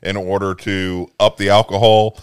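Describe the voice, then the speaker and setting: A man's voice: low-pitched, little pitch movement, moderate pace, clear, resonant tone, no room sound, clean studio sound. A man co-hosting a podcast, teasing his friends and swearing in a loose, casual way. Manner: teasing, profane, laughing. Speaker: podcast co-host. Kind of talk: casual chat.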